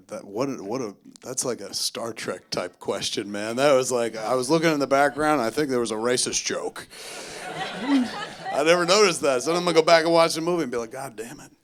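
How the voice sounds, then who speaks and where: A man hosting a film panel, moderating audience questions with loose, joking, profane banter. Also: medium pitch. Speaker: moderator host. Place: cinema auditorium.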